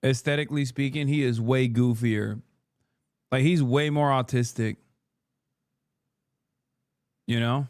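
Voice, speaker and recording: A man's voice: mid-range voice, steady tone, normal speed, a little mellow, no echo, studio quality. A man on a casual livestream, speaking in a wry, mocking way.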